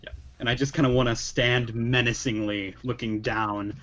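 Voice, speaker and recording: A man's voice: medium pitch, little pitch movement, normal speed, fairly bright tone, dull audio. A man playing a tabletop game, laid-back, with short replies. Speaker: player. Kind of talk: casual tabletop play.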